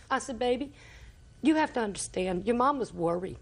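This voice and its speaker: A woman's voice: high-pitched, very animated, normal speed. An older woman, a grandmother testifying as a litigant in a TV courtroom, telling her story at length and acting out everyone's quoted lines.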